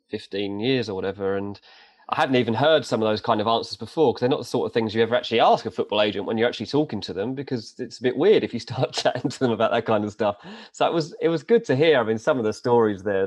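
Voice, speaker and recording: Low-voiced chatty man co-hosting. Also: dry recording. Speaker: podcast co-host. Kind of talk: casual podcast chat.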